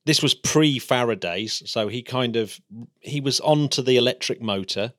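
A man's voice: medium pitch, normal speed, a bit bright, dry recording, studio quality. A man co-hosting a podcast, eagerly explaining science history in a casual chat. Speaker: podcast co-host.

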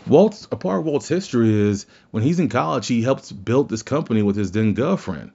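A man's voice: mid-range voice, animated, brisk, vocal fry, mellow, husky, lo-fi sound. A man hosting his own show, talking through his thoughts in a rambling way and often restarting his sentences. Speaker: podcast host. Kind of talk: casual solo commentary.

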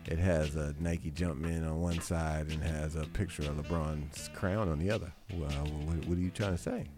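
A man's voice: rumbling low, steady tone, normal speed, music in the background. A man co-hosting a radio show, trading teasing banter about sports. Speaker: radio co-host. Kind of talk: casual sports chat.

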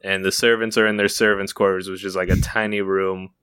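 Man with a smooth, low voice telling a story. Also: level tone, brisk, fairly bright tone, no room sound. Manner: laughing storyteller, spinning an improvised plot. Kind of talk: casual chat.

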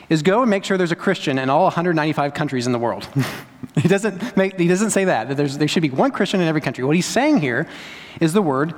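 A man's voice: on the high side, darkish tone. A man preaches to his congregation, his slightly raised voice ringing through a hall with a long echo. He drives points home with repetition and rhetorical questions. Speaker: pastor. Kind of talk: sermon.

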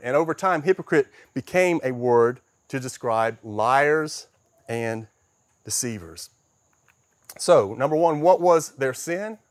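A middle-aged man preaching a sermon as a pastor, emphatic, swinging between loud stresses and soft, quiet passages. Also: mid-range voice, animated, slow, dry recording, studio quality.

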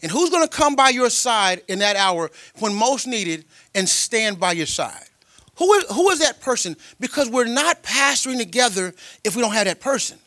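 A man preaching a sermon as a pastor, telling personal stories in a colloquial way, with delivery that swings from loud and emphatic to quiet and tender. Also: very high voice, sing-song, moderate pace, dry recording. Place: church.

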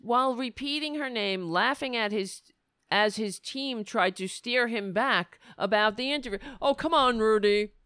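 A woman's voice: fairly high pitch, normal speed, pushed and bright, clean tone, no echo, studio quality. A woman hosting political commentary, reading news excerpts and mocking them with sarcastic asides. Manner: reads news excerpts, then riffs on them.

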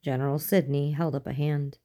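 A woman narrating a story aloud in a steady, even manner. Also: low voice, brisk. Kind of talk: audiobook reading.

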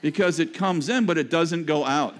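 High-pitched guy preaching, chatty and joking, dips low to hit a point. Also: normal speed. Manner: conversational preaching with joking asides and sudden drops to a low register. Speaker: pastor. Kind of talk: sermon.

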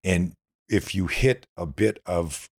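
Very deep husky-voiced man telling stories. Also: slow, dry recording, studio quality. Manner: animated storyteller acting out dialogue. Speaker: podcast guest, self-defense instructor. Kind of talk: casual interview talk.

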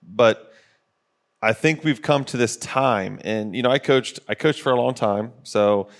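A man's voice: mid-range voice, unhurried. A man in his forties talks in a casual, earnest podcast voice from a studio. He speaks like a coach giving a pep talk, with plenty of fillers between his points. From Ohio, USA. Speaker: podcast co-host.

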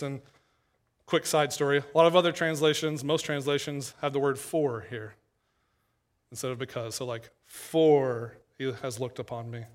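A man from East Tennessee preaching a sermon in a conversational, earnest way, building to emphatic points. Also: a little high. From East Tennessee, USA.

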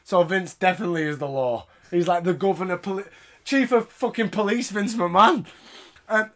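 A man hosting a casual podcast, recapping wrestling in an animated, sweary way with frequent laughter. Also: sits high, normal speed. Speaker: podcast host.

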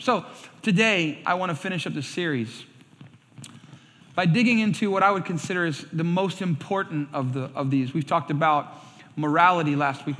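High, bright-voiced male pastor preaching. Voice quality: animated storyteller, acts out quoted voices. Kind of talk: sermon. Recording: reverberant hall sound.

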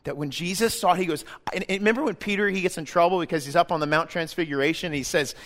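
A man with a high-pitched voice delivers a sermon. He rises to emphatic, forceful peaks and then falls to quiet, intimate passages. He plays out quoted dialogue in a loose, joking tone. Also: rapid-fire. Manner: swings from loud and emphatic to hushed and intimate. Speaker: pastor.

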